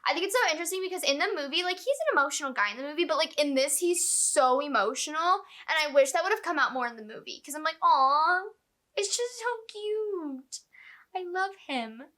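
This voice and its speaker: Bright, high-voiced chatty woman. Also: fast, few pauses. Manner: chatty and excitable, heavy use of "like". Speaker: book vlogger. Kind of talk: casual reading vlog chat.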